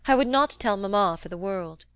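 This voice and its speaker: Lady reading as a prim young miss, high and whiny, dry close sound. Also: animated, moderate pace, clean tone, no echo, close to an everyday voice. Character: prim, mild young woman, reproachful.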